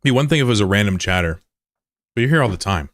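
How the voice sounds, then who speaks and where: A man's voice: lowish voice, animated, fast, fairly bright tone, dry recording, clean studio sound. A man livestreaming, talking casually to his chat and bluntly, heatedly scolding a viewer. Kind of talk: casual live-stream talk to chat.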